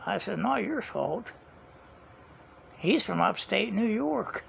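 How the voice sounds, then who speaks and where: A man's voice: high-pitched, animated, slow pace, gravelly, pauses often, fairly bright tone. A man, telling a rambling story in a casual vlog, chuckling often and retelling conversations. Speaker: vlogger. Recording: dull lo-fi sound, faint background hiss.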